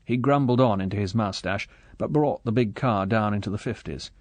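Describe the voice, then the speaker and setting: A man reading a spy novel aloud in steady, measured scripted narration. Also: fairly low pitch, no room sound. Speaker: audiobook narrator.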